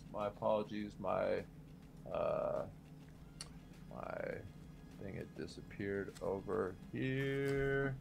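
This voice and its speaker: A man's voice: fairly low pitch, a little hiss or hum. A man co-hosting a casual sports betting podcast, hesitant and heavy on ums and uhs. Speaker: podcast co-host.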